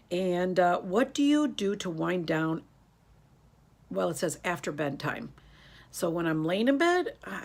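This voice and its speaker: Her voice deep and creaky, a beauty YouTuber in her fifties chats to camera in a casual tag video, rambling and turning emotional. There is a little hiss or hum in the recording.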